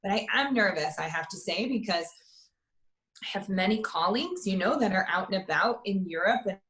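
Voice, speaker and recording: A woman's voice: mid-range voice, lively intonation, a little fast, a bit bright, reverberant. A woman, an opera soprano, chatting casually in an interview over a video call, laughing often and restarting her sentences. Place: apartment.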